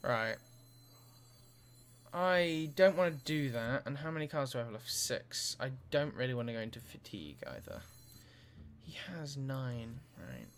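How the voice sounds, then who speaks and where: A man with a medium-pitched voice casually commentates on his own card game match, thinking aloud as he plays. He's a gameplay commentator with a relaxed, unhurried manner, and game music plays in the background.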